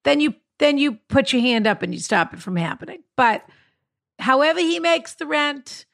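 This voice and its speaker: A woman's voice: high voice, expressive, moderate pace, creaky, fairly bright tone, no echo, clean studio sound. A middle-aged woman co-hosting a casual advice chat, wry and matter-of-fact. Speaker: advice podcast co-host.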